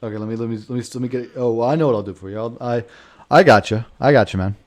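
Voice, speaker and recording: In racing, mid-range tones, a man gives loose let's-play commentary while streaming a video game, cracking jokes, cursing freely and addressing people as "man."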